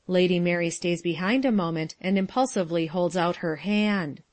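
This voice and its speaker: A woman reading the stage directions of a play in a plain, unhurried way. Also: fairly low pitch, darkish tone, dry recording. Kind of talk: audio drama narration.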